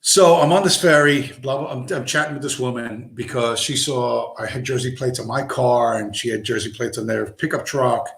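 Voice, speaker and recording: A man's voice: medium pitch, moderate pace, gravelly, hardly any pauses, fairly bright tone. A man streaming, telling a rambling story with heavy swearing and constant asides. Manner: profane, digressive, lots of fillers. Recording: roomy echo.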